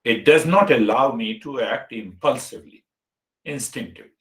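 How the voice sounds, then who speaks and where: A man giving a meditation teaching talk as a spiritual teacher, speaking deliberately and listing words one at a time. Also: mid-range voice, fairly bright tone. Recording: roomy echo.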